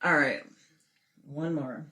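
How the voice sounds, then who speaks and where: A woman's voice: deep voice, slow pace, bright, forceful tone. A woman co-hosting a podcast in casual chat, swearing freely, laughing often and reading trivia aloud. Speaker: podcast co-host.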